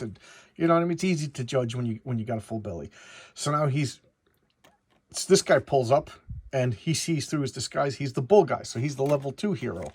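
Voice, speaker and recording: A man's voice: medium pitch, lively intonation, fairly quick, darkish tone, breathy edge, no echo. A man giving a casual, chatty comic book review, rambling through the story with frequent restarts.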